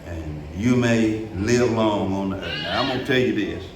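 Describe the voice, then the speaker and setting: A middle-aged male pastor preaching a sermon in a church, talking in a loose, colloquial way and swinging from low, quiet stretches up to shouted peaks. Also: moderate pace, recorded from a distance, noisy background. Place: church sanctuary. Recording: echoey room, preacher off the mic.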